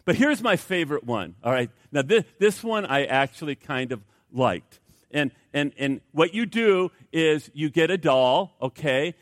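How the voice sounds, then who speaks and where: A man's voice: fairly high pitch, lively intonation, unhurried, no echo, studio quality. A man preaching a sermon as pastor, chatty and humorous, with many fillers and restarts.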